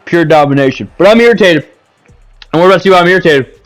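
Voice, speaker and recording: Casual male gamer commentator, high lively voice, rants and repeats himself. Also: fast, soft background music, poor audio. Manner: animated, ranting, repeats himself, says boom a lot. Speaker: gaming commentator. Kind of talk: casual commentary over gameplay footage. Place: home gaming setup, seated.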